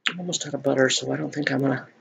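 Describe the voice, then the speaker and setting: A man's voice: mid-range voice, fairly even intonation, racing, creaky, a bit bright, a little hiss or hum. A middle-aged man in a chatty eating vlog, rambling and laughing as he talks to viewers. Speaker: vlogger. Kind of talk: mukbang chat, eating on camera.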